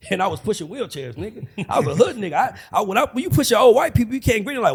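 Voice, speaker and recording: A man in his forties with an Atlanta accent, a guest telling stories in a casual, animated, profane way. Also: sits high, rapid-fire, few pauses, breathy edge. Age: 40s. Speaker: guest, music executive. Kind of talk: casual podcast conversation.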